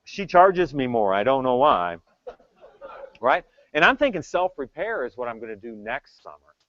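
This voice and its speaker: A middle-aged man giving a tech talk, telling stories in an animated, joking way. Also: medium pitch, moderate pace, no echo, lo-fi sound. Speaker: tech speaker. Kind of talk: storytelling keynote talk.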